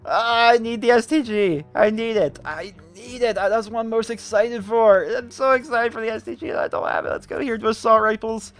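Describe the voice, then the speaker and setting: A young man giving gameplay commentary while opening loot drops, talking in an animated, exasperated, pleading way. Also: very high-pitched, moderate pace, few pauses. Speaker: gaming YouTuber.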